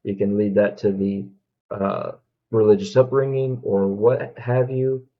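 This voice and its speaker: A man's voice: lowish voice, little pitch movement, a little slow, narrow, tinny audio. A man from Alabama with a Southern accent, hosting a reaction video in an easygoing, thoughtful way with frequent fillers. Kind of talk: casual reaction commentary.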